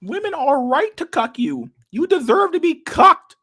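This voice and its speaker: Mocking older male lecturer, squeaky high, slow drawn-out scolding. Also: very animated, sharp tone, exaggerated voice.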